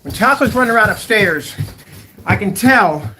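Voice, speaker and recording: A man talking casually to his viewers from his home, rambling and animated. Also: high-pitched, normal speed, a little hiss or hum. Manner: talkative, talks softly to a rescued bird. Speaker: vlogger. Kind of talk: casual vlog talk to camera. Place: at home, indoors.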